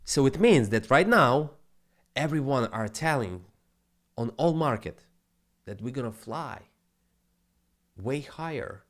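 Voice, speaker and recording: Fast-talking male trading streamer from Ukraine, animated, mid-pitched, English. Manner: fast, animated, non-native grammar. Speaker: trading channel host. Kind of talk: live stream market commentary.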